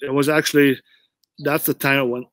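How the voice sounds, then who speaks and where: A man's voice: mid-range voice, little pitch movement, brisk, a bit bright, dry recording. Earnest man telling hockey stories. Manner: earnest, repeats "you know what" for emphasis. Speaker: guest, former pro hockey player. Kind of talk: conversational interview storytelling.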